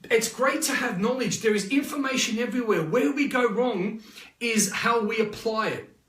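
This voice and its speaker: An Australian man in a live motivational talk as a life coach, energetic and rambling, repeating himself and checking in with "yeah?". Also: very high-pitched, normal speed, reverberant, distant mic. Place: live online session.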